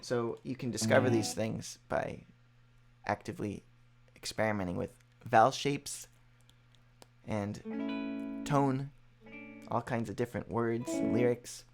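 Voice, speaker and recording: A man explaining vocal technique in a relaxed, casual music lesson, thinking aloud with fillers. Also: mid-range voice, a little slow, creaky, long pauses. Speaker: musician teaching voice practice.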